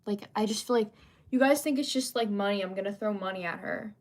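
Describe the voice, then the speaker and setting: A woman's voice: mid-range voice, brisk. A young woman hosting a livestream, chatting casually and reading out viewer comments, with lots of fillers and giggly asides. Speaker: livestream host.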